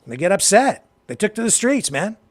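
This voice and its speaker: Canadian guy hosting a political show, heated, slightly high voice, goes quiet then loud. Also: sing-song, fairly quick. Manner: swings from low and quiet to loud and emphatic; heated, addresses a co-host directly. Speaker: talk show host. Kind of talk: impassioned political commentary.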